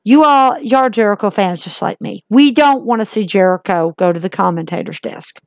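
A woman's voice: medium pitch, brisk, no room sound. A woman hosting a casual wrestling recap podcast, talking emphatically and repeating herself like an exasperated fan.

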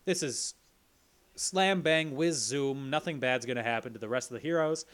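Male co-host, relaxed conversational recap, wry humor. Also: mid-range voice, moderate pace. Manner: joking, recaps plot with playful asides. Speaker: podcast co-host. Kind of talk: casual movie recap chat.

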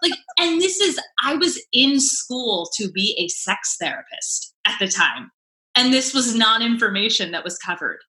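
Woman therapist guest, candid, bright voice, swoopy, echoey room. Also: mid-range voice, measured pace. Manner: expressive and candid, with swearing and laughter. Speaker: podcast guest, sex therapist. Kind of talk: casual chat.

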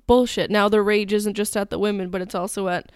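A young woman chimes in on a casual podcast chat, tossing in short reactions, questions and blunt jokes. Her voice sits at an ordinary middle pitch. It is recorded close and dry. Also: flat delivery, a little fast, clean tone, dry recording. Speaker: podcast co-host.

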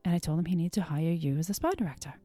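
A woman voicing a chipper, peppy female boss in a put-on Long Island accent, gushing with excitement. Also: lowish voice, racing, no echo, soft background music, lightly acted. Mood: excited. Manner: excited and squealing.

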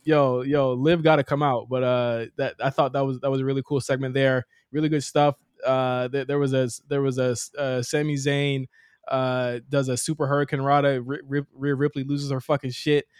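A man's voice: medium pitch, level tone, brisk, clean tone, dry recording, studio quality. A man co-hosting a podcast, talking enthusiastically and swearing freely in casual chat. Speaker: podcast co-host.

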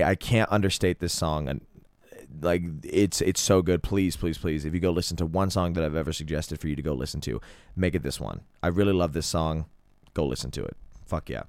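Male solo podcaster, deep smooth voice, dry close mic, excitable and profane music fan. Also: no echo. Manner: enthusiastic, rambling, swears freely. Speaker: podcast host. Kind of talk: casual solo music review.

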